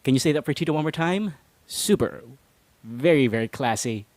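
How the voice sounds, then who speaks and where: A man's voice: a little high, fast, a little mellow. Playful man teaching pronunciation. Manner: playful, chuckles often, calls himself Tito. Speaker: English pronunciation teacher and host. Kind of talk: casual instructional lesson.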